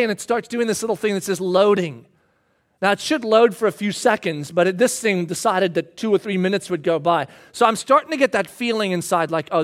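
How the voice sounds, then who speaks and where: A man in his thirties, a pastor telling a self-mocking personal story in a sermon, animated and bursting into shouts when he re-enacts himself. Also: very high-pitched.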